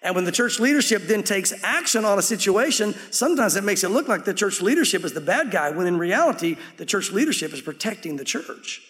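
A man's voice: high-pitched, big pitch swings, a little fast, hardly any pauses, a bit bright, big-room sound. A man preaching a sermon as pastor, in a conversational way that slips into acting out quoted voices.

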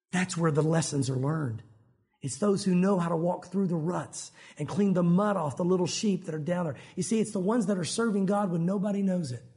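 A man preaching with a high voice. He is animated and slips in and out of voices as he tells his stories. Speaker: pastor. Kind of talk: sermon.

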